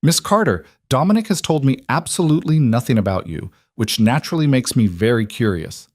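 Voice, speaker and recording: A man's voice: medium pitch, lively intonation, brisk, darkish tone, no room sound, studio quality, voice pushed up, close to an everyday voice. A man putting on a cultured older mafia matriarch with a faint Italian accent. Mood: politely curious. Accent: faint old Italian accent. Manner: cultured, refined, coolly probing. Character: poised elegant Italian-American mafia matriarch in her sixties.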